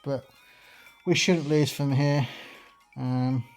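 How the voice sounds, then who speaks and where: A man's voice: mid-range voice, steady tone, slow, soft background music. A man hosting a let's play, talking through his moves in a rambling, chatty way with many fillers. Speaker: gaming channel host.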